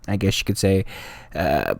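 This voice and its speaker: A man with a fairly low voice talks through history in a loose, slangy way, like a casual channel host. He rambles and often corrects himself mid-sentence. The recording is close and dry, with no room sound. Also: sing-song, moderate pace, creaky, a little mellow, no echo. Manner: slangy and offhand, drifting into street talk; rambling, with frequent self-corrections.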